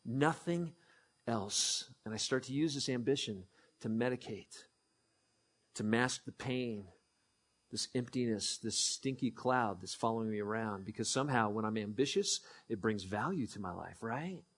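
A man's voice: on the low side, normal speed, fairly bright tone. A man preaching a sermon in a conversational way, asking his listeners questions and acting out the scripture he reads. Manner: conversational, asks the audience questions, acts out scripture. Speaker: pastor.

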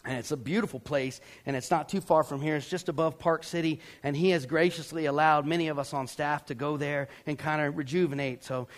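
A man from Georgia, preaching a sermon as a pastor, telling a story with animated acted-out voices. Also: on the high side, brisk, hardly any pauses. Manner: animated, acts out voices and yells for effect.

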